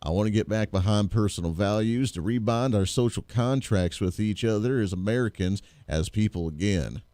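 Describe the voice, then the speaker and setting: A man doing an impression of a laid-back, drawling male movie star, slow and mellow. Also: no echo, natural voice. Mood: musing. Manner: slow drawl, low and lazy.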